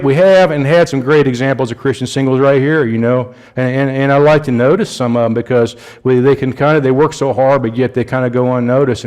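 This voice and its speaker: A man's voice: mid-range voice, darkish tone. A man with an Indianapolis accent preaching a conversational sermon, with frequent restarts and asides. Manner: conversational, rambling, frequent restarts and "you know". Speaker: lay preacher.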